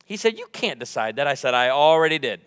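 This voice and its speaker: A man in his 40s, preaching as a guest, keeps his congregation laughing with playful banter throughout a funny sermon. His fairly high voice is very animated and quick, a bit bright and smooth. The church sanctuary gives it a large-hall sound.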